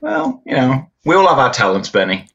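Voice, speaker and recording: A man with an English accent, a guest on a casual podcast, talking in a relaxed way and chuckling often. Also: medium pitch, brisk, gravelly, lo-fi sound, slight background noise. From England. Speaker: guest musician.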